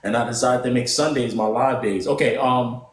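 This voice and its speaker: A man's voice: mid-range voice, fairly even intonation, normal speed, roomy sound, a little hiss or hum. A young man hosting a casual live stream, playfully exasperated as he banters with his panel. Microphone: computer mic at a desk.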